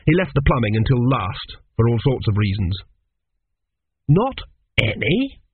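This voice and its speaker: A man narrating a comic storybook with a measured, wry, unhurried delivery. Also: medium pitch, lively intonation, slightly rough, no room sound. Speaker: audiobook narrator. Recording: tinny phone-like sound.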